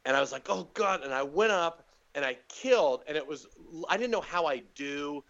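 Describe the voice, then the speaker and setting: A comedian guest tells his stories in loose, casual talk. His fairly high voice swings up sharply whenever he acts out what someone said. The recording sounds a bit dull and lo-fi. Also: moderate pace. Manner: animated storyteller, acts out quotes with big pitch jumps. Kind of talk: casual podcast storytelling.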